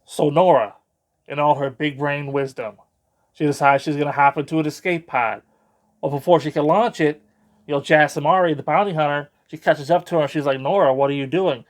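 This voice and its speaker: A man's voice: fairly high pitch, steady tone, fairly quick. Sarcastic, rambling male book reviewer. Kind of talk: casual spoken review.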